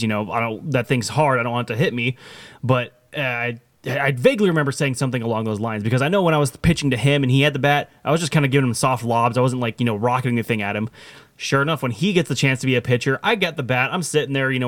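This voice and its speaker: A man's voice: mid-range voice, dry recording, clean studio sound. A young adult man co-hosting a podcast, telling a rambling story with lots of fillers and acted-out quotes. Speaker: podcast co-host. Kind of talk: casual storytelling chat.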